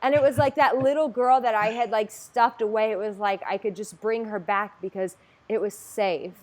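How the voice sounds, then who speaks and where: A young adult woman hosting a casual, heartfelt conversation, talking in a gushing, emphatic way with bursts of loud excitement. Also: mid-range voice, normal speed. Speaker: host.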